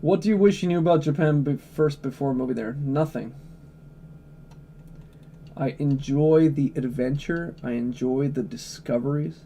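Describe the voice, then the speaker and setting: A man's voice: a little high, moderate pace, mellow, a little hiss or hum. A man chatting casually on a livestream, blunt, opinionated and profane, answering chat questions.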